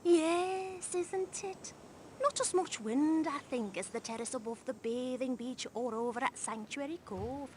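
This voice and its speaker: A woman's voice: high-pitched, unhurried, slight background noise. An actress voicing a chatty, gossiping middle-aged wife on holiday with a northern English accent, forever turning to her husband for agreement. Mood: gossipy. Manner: gushing, keeps prompting her husband. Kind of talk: video game voice acting.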